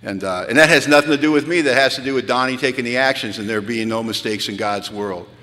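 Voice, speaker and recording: A man in his fifties telling his recovery story as a retreat speaker, with animated, self-deprecating humor and a habit of saying "man.". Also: medium pitch, quick pace. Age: 50s. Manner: peppers speech with "man". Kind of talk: storytelling talk. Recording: echoey hall with long reverb.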